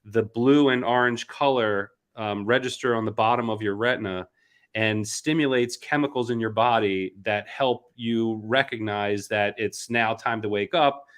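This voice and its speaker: A man hosting an interview, explaining things in a measured way with frequent ums. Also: fairly low pitch, clear, resonant tone. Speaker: interview host. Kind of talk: conversational interview.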